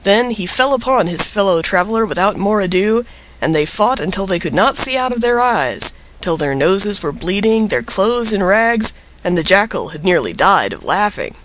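A man narrates a storybook tale with an expressive, lilting delivery. His voice sits high and ranges widely, keeping every sentence animated. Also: normal speed, slight background noise, low-quality recording.

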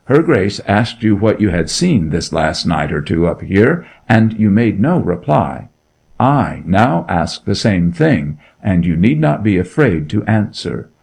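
A man playing a grim, gravelly duke. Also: lowish voice, very animated, a little slow, a little mellow, exaggerated voice. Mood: commanding. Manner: cold, commanding interrogation. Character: grim, menacing nobleman, a middle-aged duke.

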